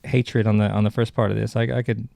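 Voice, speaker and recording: A man's voice: lowish voice, flat delivery, quick pace, vocal fry, darkish tone, no room sound. A man hosting a podcast, chatting casually and rambling with many restarts. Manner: rambling, self-correcting. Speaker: podcast host. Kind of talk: casual solo chat.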